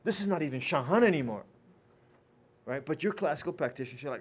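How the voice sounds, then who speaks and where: A man's voice: fairly high pitch, lively intonation, fast, long pauses, breathy edge. A man giving a teaching lecture, telling a casual anecdote and acting out both doctor and patient.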